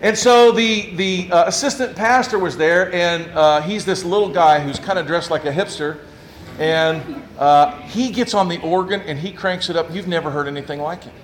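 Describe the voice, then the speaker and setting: A man who is a pastor telling a story in a lively, humorous way and acting out his own quotes. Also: high voice, moderate pace. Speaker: Presbyterian pastor. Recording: echoey room with faint ambience.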